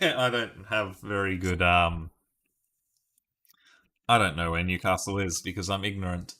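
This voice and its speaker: A man's voice: fairly low pitch, pushed and bright. An Australian man in casual live-stream chat, playfully musing through guesses and laughing often with his viewers. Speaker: streamer solving word puzzles live.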